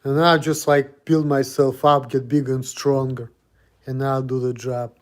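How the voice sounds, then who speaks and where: A man's voice: mid-range voice, level tone, a little slow. A man ranting in a casual home vlog, blunt and defiant, swearing freely and laughing at himself.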